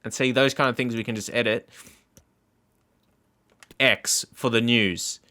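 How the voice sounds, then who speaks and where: A man's voice: mid-range voice, fairly even intonation, unhurried, sharp tone. A man hosting a gaming video, chatting casually in a rambling way and laughing often as he talks viewers through the game. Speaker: gaming channel host. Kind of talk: casual gameplay commentary.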